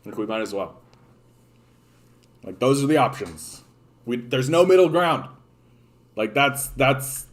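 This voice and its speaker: A man's voice: mid-range voice, expressive, slow pace, long pauses. A Canadian man delivering ranting political commentary, bluntly and with passion, stumbling over repeated words and constant "like" fillers. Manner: blunt and impassioned.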